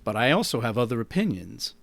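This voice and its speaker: A man's voice: mid-range voice, big pitch swings, brisk, vocal fry, fairly bright tone, dry recording, exaggerated voice. A shifty robot speaks in a corny, stereotypical 1960s computer voice, as a man acts it out. It dodges every question with fake innocence, and the sound is dry and close. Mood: evasive. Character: smooth-talking, disingenuous household robot.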